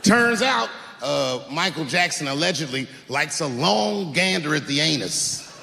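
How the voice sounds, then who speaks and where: A man doing stand-up comedy on stage, loud and full of swearing, shouting at the audience, recorded in an echoey hall with a live crowd. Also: fairly high pitch, expressive, a little slow, vocal fry. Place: large venue on stage.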